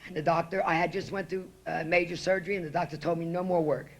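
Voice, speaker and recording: A woman's voice: lowish voice, steady tone, fast talker. A woman speaking at a podium in a meeting room, telling her recovery story in a blunt, profane and emotional way. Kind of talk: personal recovery talk at a meeting.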